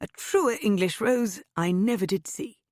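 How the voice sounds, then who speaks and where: A woman's voice: medium pitch, lively intonation, measured pace, darkish tone, no echo, clean studio sound, pitched above the performer's own voice, lightly acted. A woman voicing Daniel, a theatrical, flamboyant man who lectures his friends with playful showmanship. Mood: delighted.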